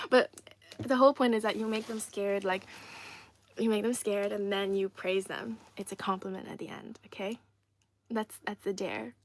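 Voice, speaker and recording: A woman's voice: medium pitch, normal speed. A young woman chatting casually on a livestream, reading viewers' comments aloud with frequent giggles. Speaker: streamer reading live chat.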